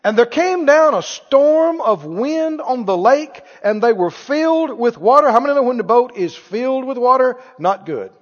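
A man's voice: extremely high pitch, lively intonation, moderate pace, few pauses. Male preacher, playful and emphatic, in an echoey hall with a dull recording. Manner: rhetorical questions, playful and emphatic. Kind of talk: sermon.

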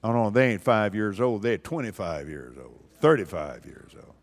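A man's voice: fairly low pitch, big pitch swings, normal speed. An older man preaching a sermon in a folksy, emphatic way, repeating phrases for stress. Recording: long hall reverb.

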